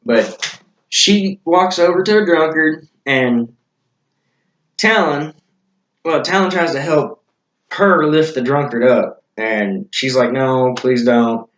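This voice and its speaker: A man's voice: on the high side, animated, slow pace, pauses often, fairly bright tone, echoey room, rough recording. A man telling stories in a casual, rambling way with many fillers. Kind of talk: casual storytelling.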